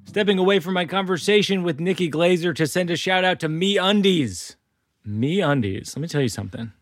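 A man's voice: sits high, lively intonation, moderate pace, no echo, studio quality, faint music behind. A man hosting a podcast, chatting casually and enthusiastically, and reading an ad in a joking way. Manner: enthusiastic, encouraging. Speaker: podcast host. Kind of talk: casual podcast chat and host-read ad.

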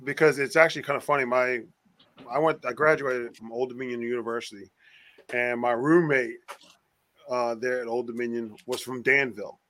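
A man's voice: medium pitch, steady tone, moderate pace, pushed and bright. Chatty podcast host guy, laughs a lot, ordinary mid voice. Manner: chatty, laughs between stories. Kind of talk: casual interview chat.

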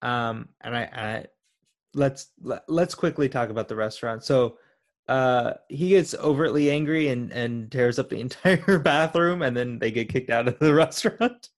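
Curious male co-host who questions his partner and builds his theories slowly, full of fillers. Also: mid-range voice. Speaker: podcast co-host. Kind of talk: casual film discussion.

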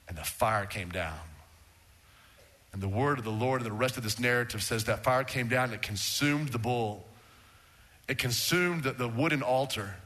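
Bright-voiced preacher man. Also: medium pitch, moderate pace. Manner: animated preaching with repeated word restarts. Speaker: pastor. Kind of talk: sermon.

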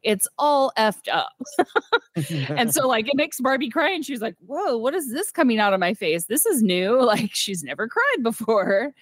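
A woman's voice: a little high, moderate pace, dry recording. Chatty woman recapping a film, dry sound. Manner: animated retelling with quoted character voices and frequent laughter. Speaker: podcast co-host. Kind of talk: casual movie recap chat.

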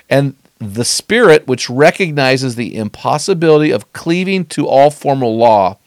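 A middle-aged man teaching on scripture in an earnest, conversational way, slowing down to stress key phrases. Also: on the high side, no room sound, clean studio sound.

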